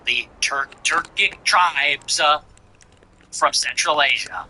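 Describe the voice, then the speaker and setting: A man with a high, piercingly bright voice hosts a commentary show, reacting to a clip. He is animated and mocking, slowly repeating phrases to pick them apart, with a faint hiss of noise behind him. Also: rough recording. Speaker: show host.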